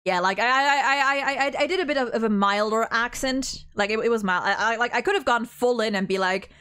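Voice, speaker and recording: A German-born woman streaming a courtroom game, thinking aloud with excitable outbursts and stumbling restarts. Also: fairly high pitch, brisk, few pauses, smooth. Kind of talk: let's-play commentary.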